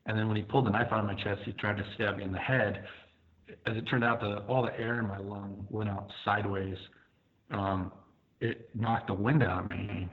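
A man with a fairly low voice tells a personal story in an easygoing way, full of fillers and acted-out thoughts. His voice comes through a thin, phone-like line. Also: little pitch movement, normal speed. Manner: conversational, many fillers, acts out his own thoughts. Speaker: podcast guest, firefighter telling his story.

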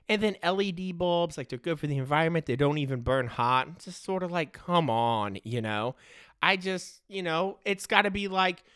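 Rambling, bright-voiced male podcast host. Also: on the high side, clean tone, dry recording, studio quality. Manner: rambling, joking, laughs often. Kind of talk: casual solo podcast chat.

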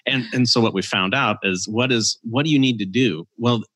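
A man's voice: medium pitch, normal speed, a bit bright, breathy edge. A man, an entrepreneur guesting on a podcast, explaining ideas step by step in a casual interview with frequent "uh" fillers. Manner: explains ideas in structured steps, filler-heavy. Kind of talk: conversational interview.

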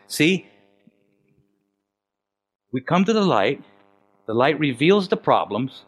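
Animated male preacher giving testimony. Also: fairly high pitch, takes it slowly, pauses often, breathy edge. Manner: animated, shifts between loud emphasis and hushed quotes. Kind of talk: sermon with personal testimony.

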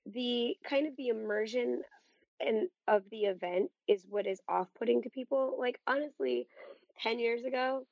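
A woman in her thirties, co-hosting a podcast, talking in a husky voice with earnest, rambling asides in casual chat. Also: on the high side, normal speed, dry recording. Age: 30s. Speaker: podcast co-host. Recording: dull, dry lo-fi podcast audio.

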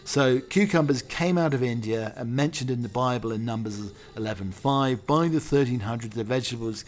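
A man's voice: mid-range voice, a little fast, few pauses. A man hosting a solo podcast, talking in a wry, mock-patriotic and irreverent way. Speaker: podcast host. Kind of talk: comedic solo podcast monologue.

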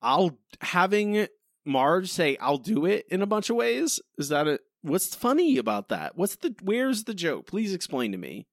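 A man's voice: high-pitched, very animated, a little slow, creaky, dry recording, studio quality. A man co-hosting a podcast, rambling and exasperated, asking why again and again. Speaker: podcast co-host. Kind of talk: casual critical chat.

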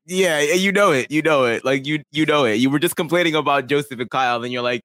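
A man's voice: a little high, lively intonation, a little fast, pushed and bright, no room sound. A man co-hosting a reality show recap podcast, teasing and laughing as he talks.

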